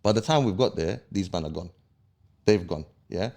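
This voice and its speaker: Low-voiced man. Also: animated, normal speed, creaky, darkish tone. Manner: street slang, checks in with "yeah?" after each point; heated, emphatic retelling. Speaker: podcast guest. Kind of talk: casual storytelling interview.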